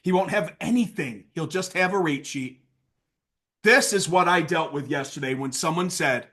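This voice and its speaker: Speaking at an ordinary speed, this man runs an informal sales training session. He's blunt and agitated, moving from loud bursts to muttered side comments.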